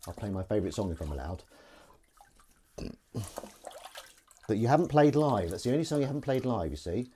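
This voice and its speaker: Standing at the kitchen sink, this male streamer washes up and talks in a loose, self-deprecating ramble. He speaks on the low side at a moderate pace, with a mellow, sing-song delivery and frequent pauses, over a slight hiss or hum.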